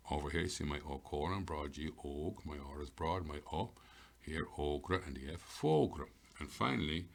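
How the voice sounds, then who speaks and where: A man's voice: rumbling low, vocal fry, fairly bright tone. A man, teaching pronunciation, methodically sounding out words and spelling them letter by letter. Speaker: Irish language teacher. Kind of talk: pronunciation lesson narration.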